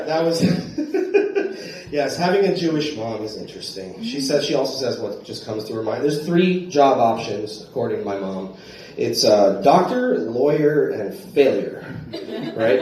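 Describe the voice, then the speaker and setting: A man's voice: medium pitch, sing-song, a little slow, recorded from a distance, a little hiss or hum. American man doing stand-up in an echoey club. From United States. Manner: storytelling with frequent "right?" tags, loud shouted punchlines. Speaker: stand-up comedian. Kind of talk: live stand-up set. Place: comedy club stage. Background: audience laughter.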